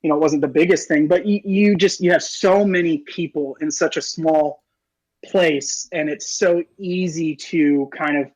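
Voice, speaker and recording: A man talking fast and rambling with lots of fillers in casual podcast chat. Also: on the high side, fairly even intonation, dry recording, low-quality recording. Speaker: podcast co-host.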